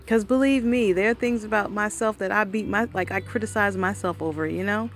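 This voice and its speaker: A woman's voice: mid-range voice, brisk, slight background noise. A woman vlogger recording herself, talking through an earnest, casual motivational monologue, calling listeners "y'all" and often asking if they know what she means. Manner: earnest, conversational, often asks "you know what I mean?". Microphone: recording herself for her channel.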